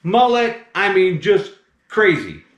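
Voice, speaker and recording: A man with a slight Southern accent who removes snakes, telling a story in a chatty, animated way. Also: high-pitched, slow, dull audio. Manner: animated, chatty, keeps saying "right?" and "mind you". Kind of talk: casual storytelling. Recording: roomy echo.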